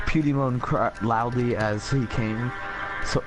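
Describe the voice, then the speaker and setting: A man reading fan fiction aloud on a comic livestream. He keeps his voice deadpan but keeps breaking into laughter. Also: medium pitch, unhurried, poor audio. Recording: loud music behind the voice.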